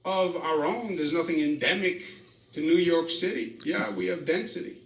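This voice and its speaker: A man with a high, bright voice explains and defends his position at a briefing. The recording rings with the echo of a large room. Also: normal speed, gravelly. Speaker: politician at a briefing. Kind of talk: press briefing statement.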